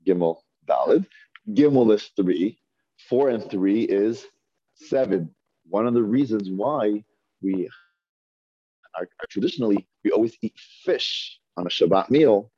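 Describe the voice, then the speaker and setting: A man teaches a Hebrew reading class, taking it slowly and sounding out each syllable with patience. His voice is mellow and dry, picked up by an earpiece mic in a classroom. The recording is dull and lo-fi. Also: on the low side, no room sound. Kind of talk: classroom lesson. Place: classroom with students.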